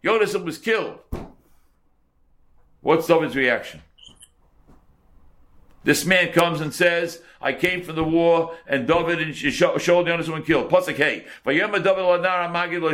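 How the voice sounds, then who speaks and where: A man's voice: fairly high pitch, normal speed, a bit bright. A man teaching a Torah class as a rabbi, translating verse by verse and repeating words for emphasis.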